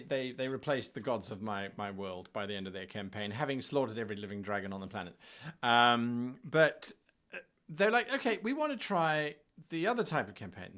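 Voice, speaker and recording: Lively, bright-voiced male host. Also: mid-range voice. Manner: animated, laughing storyteller. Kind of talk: casual podcast chat.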